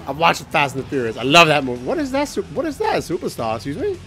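A man casually commentating a video game playthrough, excitable and joking, swearing often and singing bits to himself. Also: on the high side, fast talker, soft background music. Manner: excitable, swearing, jokey, sings snippets. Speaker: gaming channel host. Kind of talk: let's play commentary.

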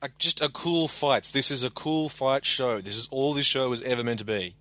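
A man's voice: medium pitch, normal speed, pushed and bright, no room sound. A man co-hosting a podcast in casual chat, blunt and often stumbling over his words. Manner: stammering restarts, blunt. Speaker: podcast co-host.

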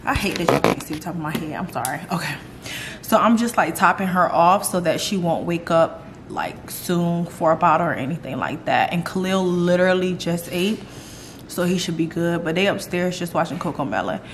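Chatty mom vlogging at home. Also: female voice, on the low side, lively intonation, moderate pace, slight background noise. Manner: chatty, talks straight to viewers with y'all. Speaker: vlogger, mother of young kids. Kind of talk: casual vlog chat.

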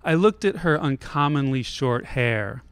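A man telling a personal story live on a theater stage, in a wry, self-deprecating and deliberate way. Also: medium pitch, expressive, fairly bright tone, clear, resonant tone, no room sound.

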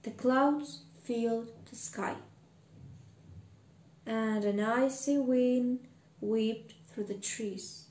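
A woman's voice: fairly high pitch, very slow, long pauses, a little mellow. A woman reading a storybook aloud expressively, stopping for chatty asides to listeners. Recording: roomy echo.

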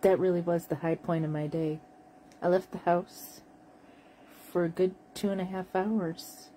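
Woman, tired, coughing, slow halting talk, low mellow voice, faint room hum. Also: fairly even intonation, poor audio. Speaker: vlogger. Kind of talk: late-night casual monologue.

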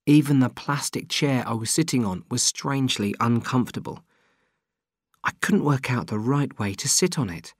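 A man narrating an audiobook in a plain, steady reading voice. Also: mid-range voice, moderate pace, no echo, studio quality. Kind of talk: scripted narration.

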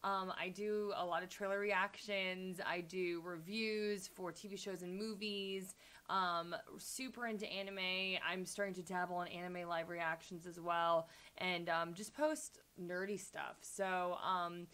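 A woman's voice: fairly low pitch, steady tone, a little slow, a bit bright, clean tone. A young woman hosting a casual trailer reaction video, chatty and gushing, with lots of ums and likes. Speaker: YouTube reaction host.

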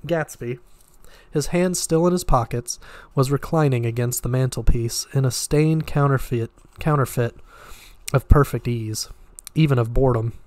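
A man reading a novel aloud at a steady pace, now and then stumbling and restarting words. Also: mid-range voice, moderate pace, dry recording. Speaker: audiobook reader.

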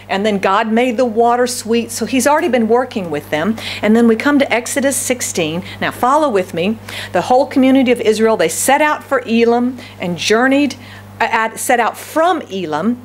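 A woman's voice: on the high side, slight background noise. A woman pastor giving a conversational sermon, often asking the congregation questions. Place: church service.

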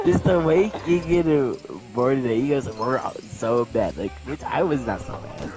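A man's voice: mid-range voice, lively intonation, takes it slowly. A young male gamer casually reading group-chat messages aloud to his friends, often breaking into laughter. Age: teens. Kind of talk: casual gaming commentary. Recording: game music playing behind.

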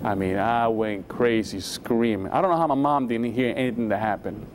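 A man's voice: mid-range voice, moderate pace, a little hiss or hum. A man giving an emotional testimony as a guest in a religious interview, acting out the voices in his story with sudden rises. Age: 20s.

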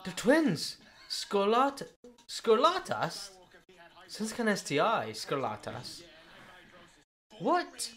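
A British reaction video host giving casual, chatty commentary, cracking quick jokes and laughing along while sizing up each new face. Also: medium pitch. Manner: chatty, quippy, excitable, laughs at own jokes.

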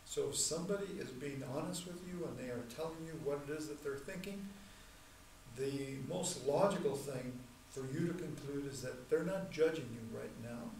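Deliberate man teaching a church class. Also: a little high, darkish tone. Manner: deliberate, repeats key points, slows to stress terms. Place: church hall. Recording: echoey room, mic far off, faint noise.

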